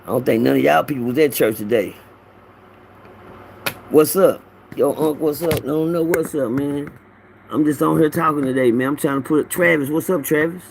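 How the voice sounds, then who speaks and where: A man's voice: on the high side, moderate pace, gravelly, pauses often, slight background noise. A middle-aged man hosting a casual livestream, greeting viewers by name and telling loose, profane stories into his phone. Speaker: livestream host. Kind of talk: casual rambling livestream talk.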